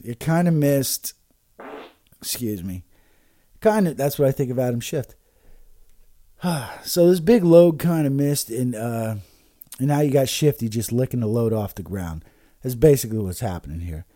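A man's voice: mid-range voice, animated, normal speed, long pauses, warm tone, no echo, studio quality. A man hosting a podcast alone, rambling and swearing with many fillers and restarts while taking shots of liquor. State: drinking shots while talking. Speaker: podcast host. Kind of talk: casual rambling monologue.

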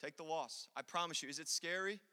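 A young man preaching a sermon in a church, swinging from loud passionate peaks to quiet conversational asides. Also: a little high, fairly quick, smooth, big-room sound.

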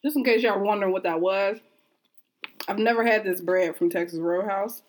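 A woman's voice: mid-range voice, fairly quick. A woman hosting a casual podcast chat, asking the group questions in a playful way.

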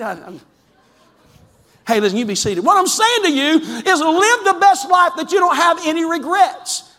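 High, bright-voiced preaching man. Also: long reverb tail. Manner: lively, conversational preaching with sudden shouts. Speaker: pastor. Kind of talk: sermon. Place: church sanctuary.

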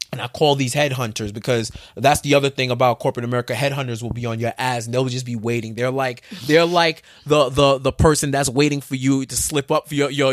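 A man, a podcast guest, telling a story in a casual, animated way with informal slang. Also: mid-range voice, no echo, studio quality.

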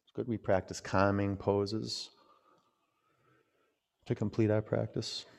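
A male yoga teacher with a low, gravelly voice calls out poses and drifts into relaxed, rambling stories. His talk has a loose, easy flow. The sound rings out with long reverb, as if in a large hall. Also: slow pace. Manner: relaxed, rambling storytelling between pose cues. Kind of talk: guiding a yoga class with chatty asides.

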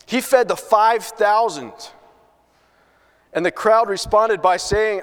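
High pitched guy preaching in a church, lots of echo trailing off. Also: slow pace, pauses often, clean tone. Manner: storytelling, earnest, with repeated restarts. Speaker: pastor. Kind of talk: sermon.

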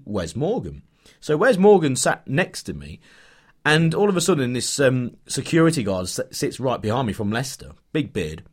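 A man from England co-hosting a football podcast, telling a rambling story full of fillers and restarts. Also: mid-range voice. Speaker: podcast co-host, football fan. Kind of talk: casual chat, storytelling.

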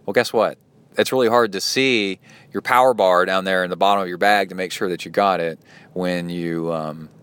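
A male podcast host tells a story in a loose, rambling way, full of fillers and restarts. His voice sits a bit low and sounds smooth and clear. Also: a bit bright. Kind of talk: casual spoken race recap.

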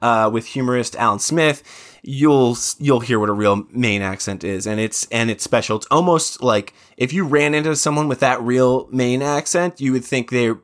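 A man in his thirties co-hosting a casual podcast, his voice sitting at an ordinary middle pitch. He rambles through his stories and keeps acting out quotes from other people. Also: moderate pace. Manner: rambling, animated storytelling with quoted asides. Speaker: podcast co-host. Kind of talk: casual chat.

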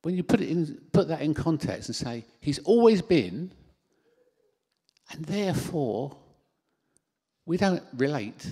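A man preaching a sermon into a handheld microphone in a church hall, animated, with self-deprecating asides. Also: fairly high pitch, measured pace, long pauses, husky.

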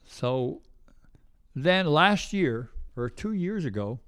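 A man's voice: fairly high pitch, lively intonation, slow, a bit bright, clear, resonant tone. Older guy telling long stories in a casual interview, does little voices for people. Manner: rambling anecdotes acting out quoted voices. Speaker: guest musician.

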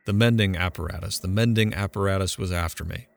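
A man's voice: sits low, fast, gravelly. A man reading an audiobook, voicing a haunted, defiant young man who recounts his ordeal with intense urgency. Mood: urgent.

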